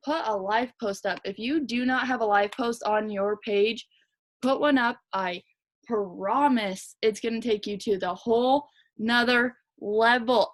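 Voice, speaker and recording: A young woman team leader giving a fast, chatty, energetic motivational talk to her team. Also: on the high side. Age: young adult. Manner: fast, chatty, energetic, lots of "like" and "you guys". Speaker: direct sales team leader.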